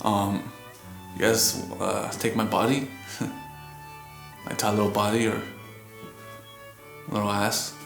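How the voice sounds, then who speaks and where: A man's voice: on the low side, little pitch movement, slow, creaky, long pauses, a bit bright, reverberant, faint music behind, voice pushed down, exaggerated voice. A man playing a pompous, crude male art snob with a haughty manner. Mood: desperate. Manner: haughty, then pleading and frantic.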